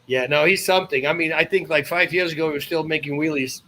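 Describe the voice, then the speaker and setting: A man in his fifties from the Netherlands with a Dutch accent, a podcast guest telling animated stories with loud exclamations. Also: a little high, fast talker, low-quality recording. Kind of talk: casual storytelling.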